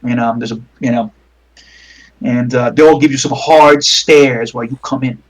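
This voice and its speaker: A man's voice: mid-range voice, fairly even intonation, moderate pace, poor audio. A man narrating a tabletop game as game master, rambling with many fillers.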